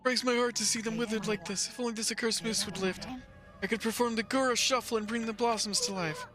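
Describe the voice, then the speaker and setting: A man voicing a frail, fretful old male gardener in a video game, speaking slowly and mournfully. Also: sits high, fairly even intonation, over music, pitched above the performer's own voice, close to an everyday voice.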